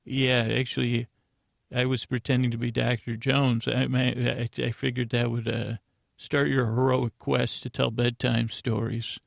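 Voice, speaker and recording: Eager chipper alter ego, as a man puts him on, raised voice, heavy fry, dry sound. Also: mid-range voice, little pitch movement, unhurried, no echo.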